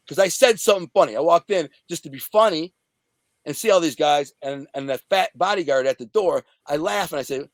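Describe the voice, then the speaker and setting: A middle-aged man from the Detroit area, an interview guest telling a story in a rambling, profane, animated way. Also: on the high side, brisk, no echo. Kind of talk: casual storytelling.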